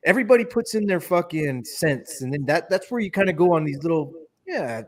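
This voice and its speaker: Brief: laid-back male co-host, slightly high voice, loose and stumbling delivery. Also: lively intonation, fast. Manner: laid-back, swears casually, stumbles and repeats. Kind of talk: casual live-stream chat.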